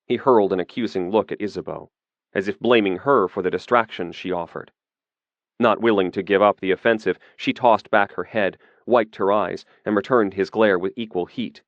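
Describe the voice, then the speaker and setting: A man reading a fantasy audiobook in a steady, measured narration. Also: on the low side, no echo, lo-fi sound.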